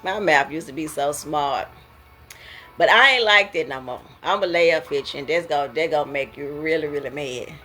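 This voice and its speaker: A woman hosting a casual talk about emotions, preachy and quick to laugh. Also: sits low, sharp tone, faint music behind. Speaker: host.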